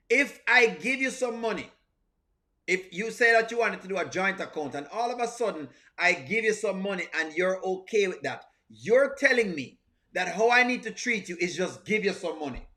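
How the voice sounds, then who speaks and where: This man hosts a live reaction stream, talking at a moderate pace in a high, animated voice with a bright, forceful tone. His accent is strongly non-standard English, and he reacts to skits with energy, restating points and saying hello to viewers in chat.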